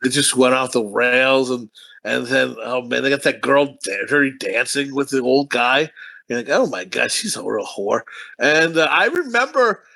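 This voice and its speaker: A man's voice: medium pitch, lively intonation, moderate pace, gravelly, sharp tone. A man co-hosting a casual movie review podcast, telling a rambling, profane story and laughing often. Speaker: podcast co-host.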